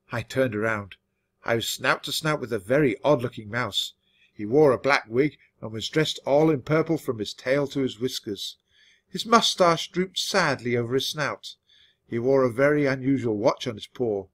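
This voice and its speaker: A man reading a children's story aloud in an expressive, measured way for English learners. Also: medium pitch. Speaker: storybook reader.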